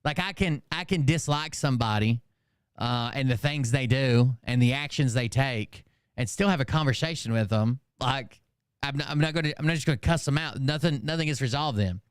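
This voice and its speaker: A man's voice: mid-range voice, normal speed, clear, resonant tone, no echo, studio quality. A man hosting his channel, ranting casually with lots of swearing and rambling restarts. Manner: profane, rambling, exasperated. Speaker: channel host. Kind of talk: casual livestream rant.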